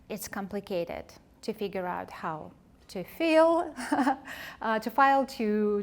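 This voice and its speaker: A woman leadership coach and author, speaking as an interview guest in a thoughtful, heartfelt way, often pausing to search for words. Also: medium pitch, a little mellow. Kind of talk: reflective conversational interview.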